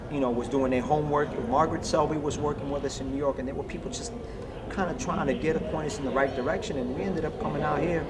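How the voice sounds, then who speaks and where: A man recalling first arriving somewhere new, talking with quick wonder. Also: fairly high pitch, steady tone, distant mic, heavy background noise. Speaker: interviewee. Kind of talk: casual storytelling.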